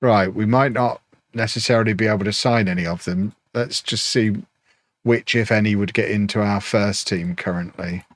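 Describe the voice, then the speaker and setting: A man's voice: lowish voice, moderate pace, dry recording, clean studio sound. A man live-streaming a football management game, chatting and thinking aloud with mock indignation.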